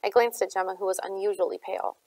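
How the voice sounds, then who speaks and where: Brief: female audiobook narrator, gravelly tone, dry close sound. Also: mid-range voice, steady tone, quick pace, mellow, dry recording, poor audio. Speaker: audiobook reader.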